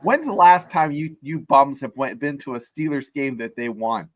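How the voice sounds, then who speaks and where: A man's voice: medium pitch, lively intonation, moderate pace, no echo. Teasing man who keeps interrupting. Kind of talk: casual chat on a video-call podcast.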